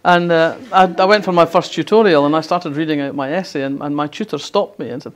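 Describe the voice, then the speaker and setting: Quick-talking Scottish woman in her sixties. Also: low voice. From Fife, Scotland. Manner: wry storyteller, acts out voices in quotes. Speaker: guest speaker. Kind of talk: humorous anecdote to a live audience.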